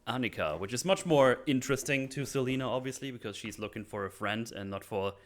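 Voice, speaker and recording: A man's voice: medium pitch, a little fast. A man on a podcast, casually recapping a film scene by scene in a rambling way, full of fillers and restarts, with a loose, joking, self-deprecating manner. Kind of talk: casual chat.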